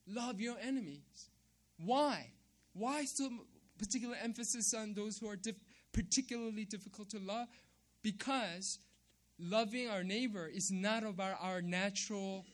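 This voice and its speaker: A man preaching a sermon, emphatic, repeating key phrases and checking in with "right?". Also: high-pitched. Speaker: pastor.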